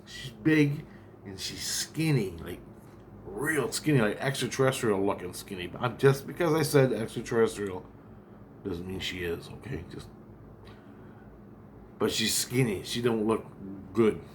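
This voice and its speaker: A man's voice: fairly low pitch, expressive, a little slow, a little hiss or hum. A man telling a long account of a dream in a rambling, profane way, with many restarts and asides. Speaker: vlogger.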